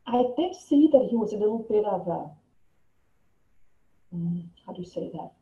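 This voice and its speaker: A vlogger recounts a personal story casually to her camera, her mellow, medium-pitched voice lively in intonation and moderate in pace. She tends to ramble, frequently restarting and repeating words. Recorded from a distance in an echoey room, the sound comes across dull and lo-fi.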